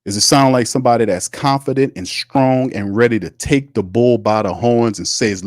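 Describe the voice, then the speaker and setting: A man's voice: medium pitch, normal speed, few pauses, dry recording, studio quality. A man hosting a sports show, giving blunt, opinionated commentary with swearing and rhetorical questions to his listeners. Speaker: sports podcast host.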